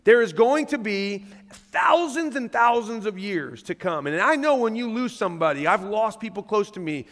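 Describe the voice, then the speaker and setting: Male pastor, high voice, chatty animated sermon, church hall reverb. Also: normal speed, hardly any pauses. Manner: conversational, animated, reads scripture aloud. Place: church stage.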